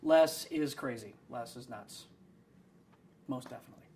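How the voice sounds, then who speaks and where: A man's voice: medium pitch, normal speed, a little mellow, a little hiss or hum. A young adult man, an actor, talking in a behind-the-scenes interview in a rambling, self-deprecating way with many fillers.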